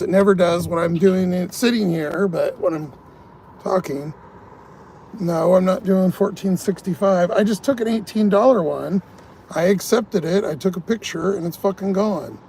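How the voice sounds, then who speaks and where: A man's voice: high voice, moderate pace, a little mellow. A man working as a food delivery driver, venting and swearing in frustration on a live stream from inside his car. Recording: car ambience noise.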